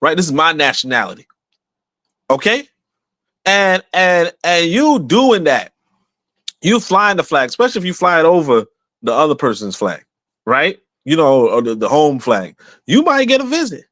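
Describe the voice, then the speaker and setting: Man, podcast host, high-pitched, animated and repetitive, dead dry room. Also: normal speed, no echo. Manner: emphatic, repetitive, conversational with rhetorical questions. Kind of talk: casual livestream talk.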